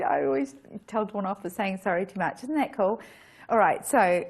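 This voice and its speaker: A woman's voice: mid-range voice, animated, normal speed, vocal fry, slightly rough. A woman photographer giving a casual workshop talk, chatty, with frequent restarts and self-corrections.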